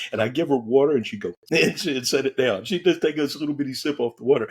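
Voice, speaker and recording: Husky man telling stories animatedly. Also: medium pitch, moderate pace. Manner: animated, acts out quoted voices, curses casually. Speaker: podcast guest. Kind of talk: casual storytelling.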